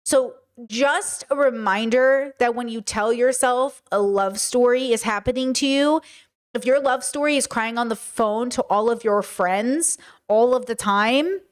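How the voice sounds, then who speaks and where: Animated, fairly high-voiced woman storyteller. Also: measured pace. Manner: animated, acts out quoted dialogue, swears freely. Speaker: podcast host. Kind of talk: casual storytelling monologue.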